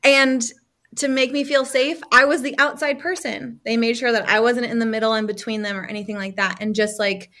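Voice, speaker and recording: A woman, a healing coach, telling a personal story as a podcast guest, lively, acting out other people's lines and using many casual fillers. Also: fairly high pitch, brisk.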